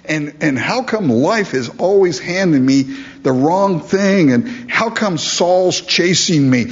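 Slow, emphatic male preacher. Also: on the high side, animated, highs cut off. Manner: earnest, emphatic preaching with rhetorical questions. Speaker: pastor. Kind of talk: sermon.

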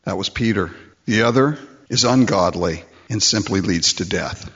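A man preaching a sermon, animated and acting out the voices in the story. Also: lowish voice, normal speed, breathy edge. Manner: animated, acts out voices in quotes. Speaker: pastor. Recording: dull lo-fi recording.

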